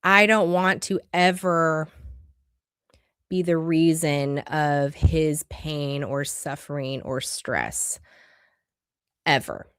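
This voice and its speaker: A woman's voice: sits low, slow pace, pauses often, smooth, no echo, clean studio sound. A woman relationship coach giving an earnest, conversational livestream talk full of rhetorical questions.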